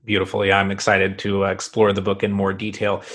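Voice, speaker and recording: A man hosting an interview, asking his questions in a calm, appreciative way. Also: low-pitched, a little fast. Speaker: podcast host. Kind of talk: interview conversation.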